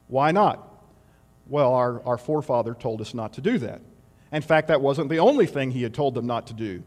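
Man, preacher, sermon, conversational, rhetorical questions, wry asides, fairly high voice. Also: animated, moderate pace, big-room sound.

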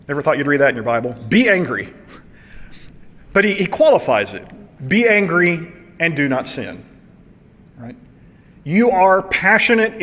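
A man preaching a sermon in a conversational, animated way, asking the congregation rhetorical questions. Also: fairly high pitch. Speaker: pastor. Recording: long hall reverb.

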